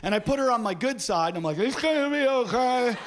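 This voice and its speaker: A man performing a stand-up comedy set on a club stage, telling an animated story and acting out what people said. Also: extremely high pitch, brisk. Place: comedy club stage before a laughing audience. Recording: live club recording with audience noise.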